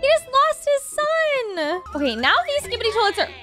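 Woman, young adult, reaction host, very high voice, gasping, gushing, clear music behind. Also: sing-song. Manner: gasping, gushing, quick exclamations. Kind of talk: excited reaction commentary.

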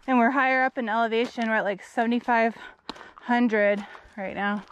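A woman's voice: on the high side, fairly even intonation, moderate pace, muffled recording. A woman vlogging on a mountain hike, chatty and bubbly, cooing at her dog in baby talk. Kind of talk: casual outdoor vlog. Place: outdoors on a mountain trail.

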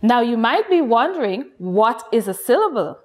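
A woman from Guyana teaching a nursery phonics lesson, speaking slowly and encouragingly to young children. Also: on the high side, big pitch swings. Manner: slow, lilting, encouraging teacher voice addressing children.

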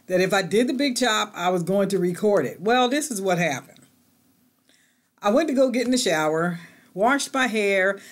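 Chatty middle-aged woman vlogging at home. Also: mid-range voice. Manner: chatty and animated, swinging from excited to hushed. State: out of breath. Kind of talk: casual vlog talk to camera.

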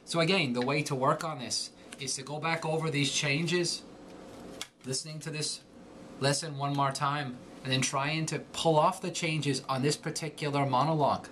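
A man teaching an accent lesson, explaining clearly and methodically. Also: on the high side, steady tone, normal speed, fairly bright tone, slight background noise. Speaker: accent coach. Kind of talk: instructional lesson.

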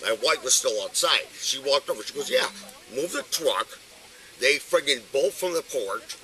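A man's voice: mid-range voice, lively intonation, normal speed, pushed and bright. An older man talking outdoors on a street, agitated and swearing often while explaining a dispute, picked up by a body camera. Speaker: bystander in police dispute. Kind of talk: heated street argument. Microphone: police body camera.

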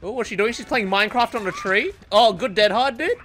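A man's voice: high voice, lively intonation, brisk, a bit bright, faint music behind. A man giving casual gameplay commentary, teasing opponents with slang and frequent laughter. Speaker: gaming YouTuber.

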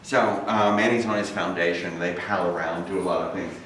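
A man with a fairly low voice speaks to a live audience in a casual storytelling style, slipping into quoted voices as he recounts events. He sounds distant from the microphone in a very echoey lecture room with faint background noise. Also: fairly even intonation, a little fast, a bit bright. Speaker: guest speaker. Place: large campus lecture room.

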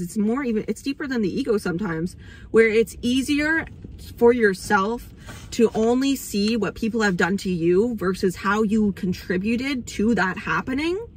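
Slight background noise sits under her somewhat high voice. This young woman, host of an astrology channel, delivers a rambling, casual spiritual monologue, swearing openly and occasionally becoming emotional.

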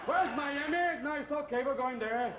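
A man's voice: extremely high pitch, a little slow, echoey room, lo-fi sound, background noise, voice pushed up. A man doing a chirpy newborn little old man. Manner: fussy, polite small talk.

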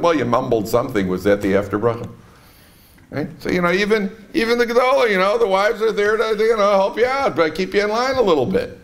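A middle-aged man giving a humorous Torah lecture on marriage, telling stories and swinging between soft asides and emphatic peaks. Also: medium pitch. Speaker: rabbi lecturer.

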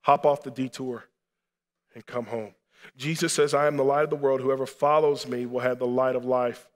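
A man's voice: mid-range voice, steady tone, moderate pace, in a large hall. A man preaching a sermon as pastor, earnestly, building to impassioned appeals. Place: church sanctuary.

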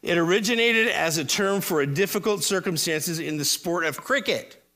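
A man's voice: sits high, moderate pace, pushed and bright. A male pastor giving a sermon to his congregation, chatty and joking with asides to the crowd. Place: church service before a congregation.

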